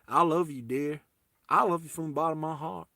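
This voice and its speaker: A man putting on a doting Southern American man who speaks in a slow, heavy drawl and insists gently on being heard. The voice comes across bright and keen, and each line lingers in the mouth. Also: a little high, gravelly, no room sound, clean studio sound. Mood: doting, insistent. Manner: insistent, affectionate.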